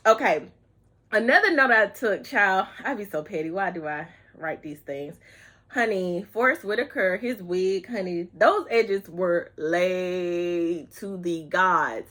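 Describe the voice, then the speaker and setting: A woman giving a casual, chatty movie review to her viewers, sassy and expressive, stretching words and calling people honey and child. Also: fairly low pitch. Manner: sassy and expressive, drawn-out words, breaks into snatches of song; talks straight to viewers with terms like honey and child. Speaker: YouTube vlogger reviewing a movie.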